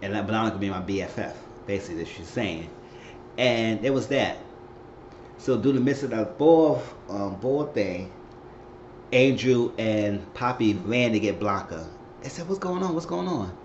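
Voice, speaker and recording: A man casually recapping a TV episode, acting out the characters' lines with sudden high squeals. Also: normal speed, slight background noise. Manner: animated retelling, acting out quotes with high squeals. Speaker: recap host. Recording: echoey room, dull lo-fi sound.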